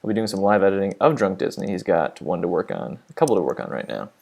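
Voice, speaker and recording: A man's voice: sits low, fast, gravelly, slight background noise. A man casually chatting and rambling as he hosts a livestream while mixing audio, mocking himself. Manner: relaxed, rambling, self-mocking.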